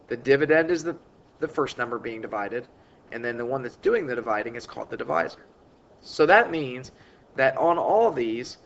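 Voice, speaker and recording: A man teaches math in a relaxed, chatty classroom voice at a middle pitch. He hammers important points by saying them again and again. The sound is dull and lo-fi, with a faint hiss underneath. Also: vocal fry. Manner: informal, repeats key points with emphasis. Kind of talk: recorded math lesson.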